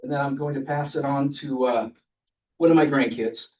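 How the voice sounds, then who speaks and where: A man's voice: medium pitch, fairly even intonation, normal speed, darkish tone. Older man telling funny stories, distant mic. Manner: chuckling anecdotal storytelling. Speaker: club speaker. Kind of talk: humorous personal speech. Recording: roomy sound from a distant mic.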